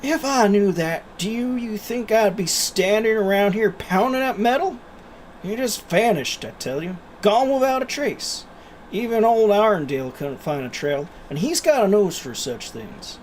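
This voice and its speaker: A man's voice: sits high, lively intonation, measured pace, a little hiss or hum, voice pushed up. A man voicing a grieving, gloomy village blacksmith with a wandering put-on Scottish brogue.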